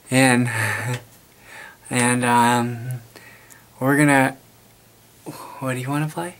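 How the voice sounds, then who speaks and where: Man, comic sketch, mock school reporter, halting, awkward, apologetic, middle pitch.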